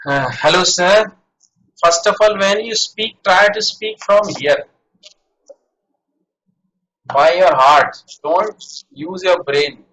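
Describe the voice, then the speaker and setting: Slow, bright-voiced Indian English teacher. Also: male voice, sits high, poor audio. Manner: patient, repeats model sentences slowly. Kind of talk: one-on-one spoken English lesson.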